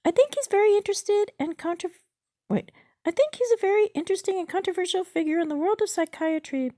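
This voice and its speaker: A woman in her sixties voicing an evasive AI chatbot in a bright, sing-song reading voice. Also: very high voice, fast, pitched above the performer's own voice. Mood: chirpy.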